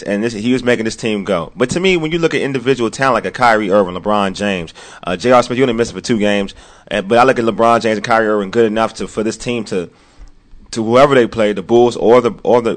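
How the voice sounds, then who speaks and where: A man hosts a casual sports talk show, animated and repetitive, slipping into low muttered asides.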